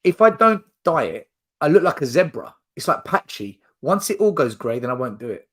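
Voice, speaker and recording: Bloke hosting a footy fan chat, reads out comments, chatty. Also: male voice, fairly high pitch, very animated, moderate pace, fairly bright tone, husky. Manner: chatty, reads out viewer questions. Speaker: podcast host.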